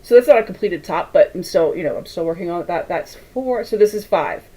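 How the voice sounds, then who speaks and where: A woman's voice: on the low side, lively intonation, a little fast, dark tone, poor audio. A woman hosting a quilting livestream, chatting casually and rambling while she sews, reading viewer comments aloud and laughing often. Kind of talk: casual chat while sewing.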